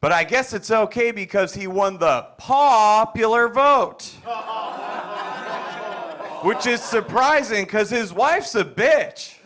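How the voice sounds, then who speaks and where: A man putting on an overexcited, pandering comedian voice, high and loud. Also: expressive, slow pace, crowd noise. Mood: gushing. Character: gushing, pandering male comedian playing to a rural crowd.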